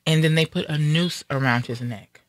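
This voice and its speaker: A woman's voice: low voice, moderate pace, no echo. A woman hosting a talk radio show, delivering an angry, emphatic and defiant rant.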